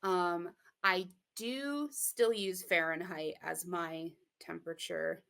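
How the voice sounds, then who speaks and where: A woman's voice: fairly low pitch, fairly even intonation, takes it slowly, creaky, fairly bright tone, smooth. A young American woman from Michigan with a Midwestern accent, speaking thoughtfully as an interview guest, with many fillers and restarts. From Michigan, USA. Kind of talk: casual interview talk.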